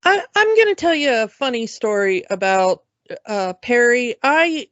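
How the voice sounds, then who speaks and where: A woman co-hosting a podcast, telling stories in a chatty, unhurried way with fillers. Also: fairly high pitch, sing-song, a bit bright, no echo. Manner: chatty, drawn-out storytelling with fillers. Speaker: podcast co-host. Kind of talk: casual podcast chat. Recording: dull lo-fi podcast mic.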